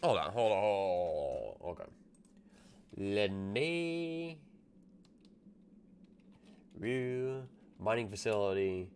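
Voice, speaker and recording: A man streaming a video game, chatting casually, excitable and swearing a lot as he jokes along. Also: on the low side, drawn-out words, pauses often, slight background noise. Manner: excitable, profane, joking. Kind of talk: casual gameplay chat.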